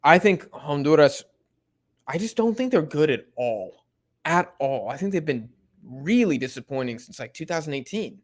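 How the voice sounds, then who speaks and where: A young man casually chatting through a live football watch-along, reading and answering chat in relaxed slang. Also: a little high, moderate pace. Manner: laid-back slang-heavy chatter, many fillers.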